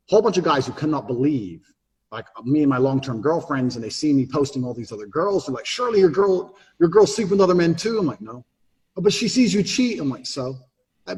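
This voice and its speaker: A man talking bluntly and emphatically as a podcast guest, swearing freely. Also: fairly high pitch. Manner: brash, profane, emphatic. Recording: roomy echo.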